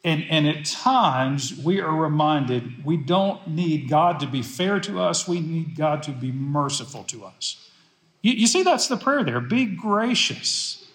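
A man's voice: fairly high pitch, expressive, unhurried. A man preaching a sermon as pastor, emphatic and repeating phrases for stress. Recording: echoey room.

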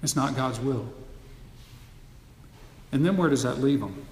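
A man's voice: mid-range voice, expressive, a little slow, darkish tone. Earnest preacher man in an echoey hall. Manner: earnest teaching, building to emphatic repetition. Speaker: pastor. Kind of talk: sermon. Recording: echoey hall, long reverb.

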